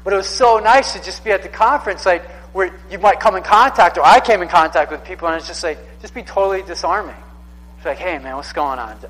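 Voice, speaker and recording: A man's voice: sits high, fast talker, a bit bright, big-room sound, poor audio. A man in his thirties preaching a sermon in a casual, conversational way, often repeating himself for emphasis. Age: 30s. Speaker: pastor.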